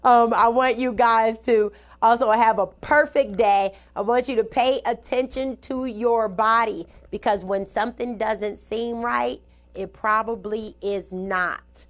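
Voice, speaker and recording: Woman radio host, slow and chatty, fairly high voice, dry studio sound, talks in loose asides. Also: fairly even intonation, no room sound. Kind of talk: casual radio chat.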